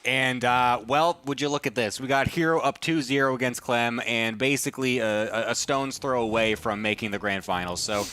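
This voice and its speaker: A man casting a live esports match, energetic and chatty, laughing often. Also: mid-range voice, moderate pace, few pauses, smooth. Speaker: esports caster. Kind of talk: live game commentary.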